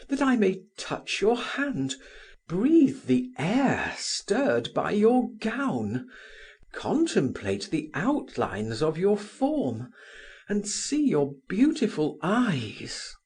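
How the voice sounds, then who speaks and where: A male narrator voicing a passionate young man who pleads in a raised, breathy voice. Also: high-pitched, huge pitch swings, slow pace, a little mellow, voice pushed up, heavily acted. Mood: pleading.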